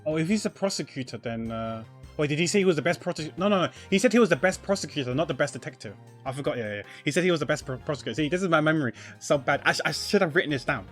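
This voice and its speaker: A man talks through his gameplay ideas in a loose, rambling way. He restarts often and his phrases tail off quietly. Faint music runs underneath. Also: fairly high pitch, expressive, very fast. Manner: rambling, many fillers and restarts, trails off quietly. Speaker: gamer. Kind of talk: casual gameplay commentary.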